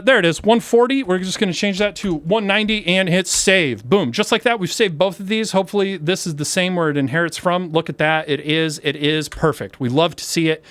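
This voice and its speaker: A man with a slightly high voice, recorded close and dry with no room sound. He talks through a casual tutorial, excitable and rambling with fillers, often running himself down. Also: fairly quick, few pauses, no echo. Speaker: maker video host. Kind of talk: casual screen-share tutorial.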